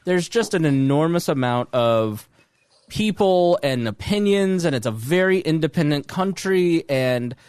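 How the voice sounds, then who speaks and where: Guy co-hosting a podcast, kinda high voice, rambles and swears, dry close mic. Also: unhurried, clear, resonant tone, no echo. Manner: rambling, animated, swears freely. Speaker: podcast co-host. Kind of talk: casual chat.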